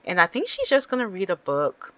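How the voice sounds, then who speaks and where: A woman's voice: medium pitch, wildly swooping pitch, a little fast, a bit bright, no echo, muffled recording. A woman giving casual, chatty gameplay commentary and talking straight to her viewers. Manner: chatty, addresses viewers directly. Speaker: gaming channel host.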